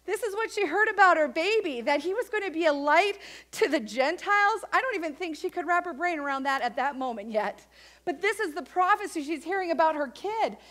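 A woman pastor preaching a lively sermon in church, reading scripture and acting out quoted voices. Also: high voice. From United States. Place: church sanctuary.

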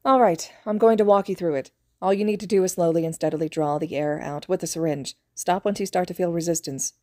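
A woman voicing a calm, authoritative female trauma doctor who gives brisk clinical orders and reassures patients. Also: on the low side, dry recording, studio quality, natural voice. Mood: instructive.

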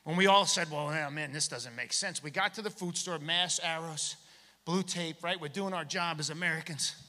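A man doing a stand-up comedy set, animated, acting out shouted bits of his stories. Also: on the high side, normal speed. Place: theater stage. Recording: long hall reverb from a theater.

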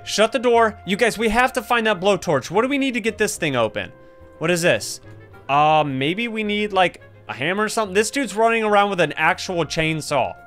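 Young guy streaming a scary game, high voice, yelps a lot, keeps saying you guys, bit of music under it. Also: normal speed. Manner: excitable, yelps and shouts at scares; talks to viewers as "you guys". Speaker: gaming YouTuber. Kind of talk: let's play commentary.

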